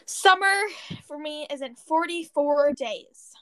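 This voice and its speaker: A teenage girl in easy chat with friends, eagerly listing dates off her phone. Her voice sits high and stays bubbly. She sounds like a keen, chatty schoolgirl. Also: takes it slowly, a bit bright, no echo. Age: teens. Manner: bubbly, reads out countdowns. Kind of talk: casual chat among friends.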